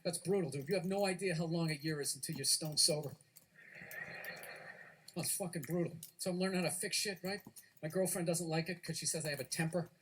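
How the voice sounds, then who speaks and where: A middle-aged man doing a stand-up comedy routine, ranting loudly with profanity and shouted outbursts. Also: on the high side, a little fast, slight background noise.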